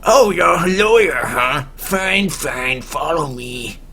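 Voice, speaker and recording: A man voicing a gruff, impatient prison guard in a game, curt and brusque. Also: on the high side, expressive, slow pace, bright, forceful tone, a little hiss or hum, pitched above the performer's own voice, full character voice.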